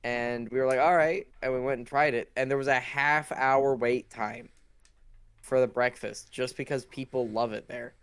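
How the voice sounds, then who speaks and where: A man holding forth on a casual podcast, his voice smooth and resonant. He talks in emphatic bursts, quick to rant and just as quick to laugh it off. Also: medium pitch, level tone, a bit bright. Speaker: podcast host. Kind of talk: casual chat.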